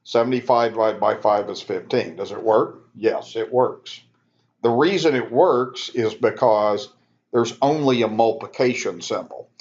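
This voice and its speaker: Relaxed man explaining math steps. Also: on the low side, measured pace, dull audio. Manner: relaxed, conversational, self-correcting, talks students through steps. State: yawning, sleepy. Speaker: math instructor. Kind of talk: recorded math lecture.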